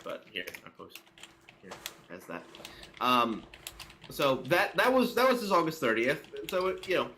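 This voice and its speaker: A man co-hosting a casual political commentary chat, often pausing with fillers as he reads through numbers. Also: on the high side, huge pitch swings, pushed and bright, slight background noise. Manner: reads out statistics haltingly, many fillers. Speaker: co-host.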